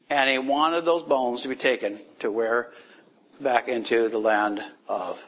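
Male preacher, mid pitch, chatty sermon delivery with emotional swells. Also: steady tone, a little slow, fairly bright tone. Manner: conversational, emotional, rises high when moved.

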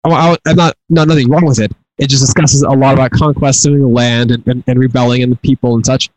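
A man's voice: medium pitch, fairly even intonation, fast, a little mellow, low-quality recording. A middle-aged man teaching from the Torah in an earnest way, often repeating and restarting his words. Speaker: Bible teacher.

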